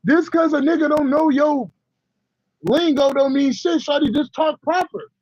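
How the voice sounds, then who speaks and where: Male streamer, very high voice, blunt rambling slang, dry muffled mic. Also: moderate pace, darkish tone, no room sound. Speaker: livestream host. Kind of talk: casual livestream chat to viewers.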